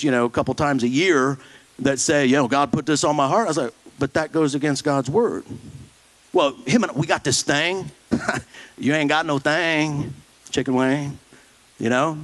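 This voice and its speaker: A man preaching in a blunt, folksy manner, with a voice that sits fairly high for a man. He pokes fun at churchy phrases and stays plainspoken throughout. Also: low-quality recording. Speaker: pastor. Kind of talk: sermon.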